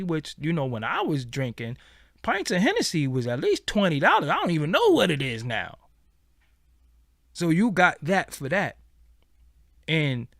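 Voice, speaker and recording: A man with a slightly high voice holds forth in a casual, profane commentary monologue. His pitch swings widely as he tells it, and the recording is dry and close. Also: no room sound. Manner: blunt, profane, animated storytelling. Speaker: show host.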